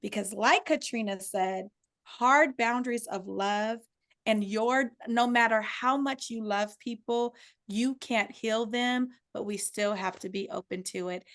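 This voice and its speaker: A woman's voice: fairly high pitch, measured pace, fairly bright tone. A woman hosting a faith-minded podcast, encouraging her guest and closing with affirmations. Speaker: podcast host. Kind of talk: podcast interview and sign-off.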